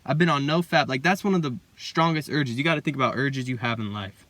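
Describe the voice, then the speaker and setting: A man's voice: mid-range voice, fast talker, fairly bright tone, no room sound. A young man hosting his own self-improvement video, talking in a loose, rambling, slangy way and calling the listener bro. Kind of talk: casual motivational monologue.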